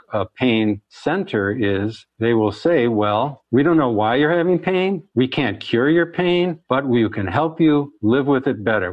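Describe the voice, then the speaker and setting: A man's voice: mid-range voice, dry recording. A man, a doctor giving a conversational talk on chronic pain and telling patient stories. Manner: conversational, storytelling, slips into quoted voices. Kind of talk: presentation talk. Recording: dull lo-fi dry recording.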